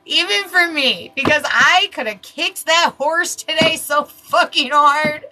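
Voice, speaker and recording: A woman's voice: high-pitched, slow pace, music in the background, low-quality recording. A woman giving casual live tarot readings, talking bluntly and chattily, swearing freely and laughing at herself. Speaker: tarot reader.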